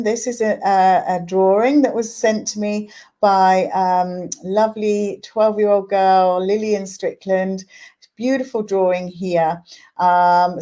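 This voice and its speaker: A woman's voice: on the low side, mellow. A woman tutor giving a chatty online lesson, often checking in with a questioning "right?", then reading a poem aloud. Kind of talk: casual teaching talk with a poetry reading.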